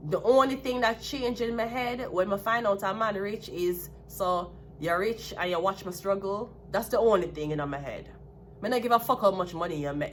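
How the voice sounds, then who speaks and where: A woman's voice: medium pitch, a bit bright, slight background noise. A woman with a Jamaican accent giving a solo tarot reading, talking bluntly and with plenty of profanity. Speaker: tarot card reader.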